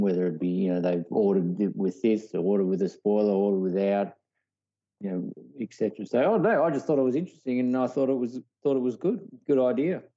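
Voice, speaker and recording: A man's voice: on the low side, warm tone, highs cut off. A man with an Australian accent co-hosting a casual car podcast, rambling with lots of "you know". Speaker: co-host.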